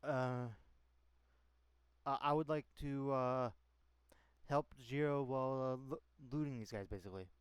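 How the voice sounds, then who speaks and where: A man's voice: medium pitch, a little slow, pauses often, clear, resonant tone, no room sound. A man playing a tabletop game who talks hesitantly with lots of fillers and tosses in playful sound effects. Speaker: player. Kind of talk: casual tabletop play.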